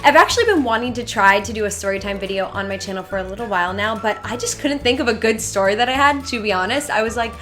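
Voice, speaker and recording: A woman's voice: mid-range voice, quick pace, few pauses, fairly bright tone, faint music behind. A young woman telling a casual storytime to her channel from her bedroom, chatty and full of "like". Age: young adult. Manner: chatty, filler-heavy, lots of "like". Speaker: YouTuber.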